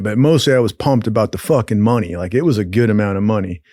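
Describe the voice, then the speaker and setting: A man's voice: on the low side, fast talker, few pauses, mellow, no echo, studio quality. Profane rambling male storyteller. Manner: profane, rambling, laughing often. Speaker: storyteller host. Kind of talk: casual storytelling.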